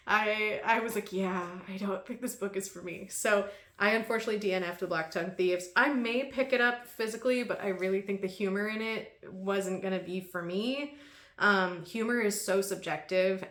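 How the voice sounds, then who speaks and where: A woman's voice: mid-range voice, fairly bright tone. A woman book vlogger in casual chat, talking with many ums and frequent laughs. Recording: echoey room.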